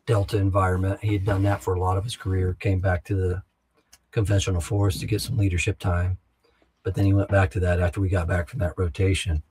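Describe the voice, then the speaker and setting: A man's voice: deep voice, a little mellow, slight background noise. A middle-aged man, an army veteran, telling war stories in a blunt, profane, casual way and acting out other soldiers' lines. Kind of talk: casual storytelling.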